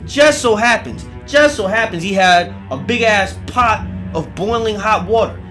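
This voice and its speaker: Brief: man, lively swearing storyteller, pitch leaps around, music under him. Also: measured pace. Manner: profane, animated, yelps and cries out in pain. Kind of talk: comic horror storytelling.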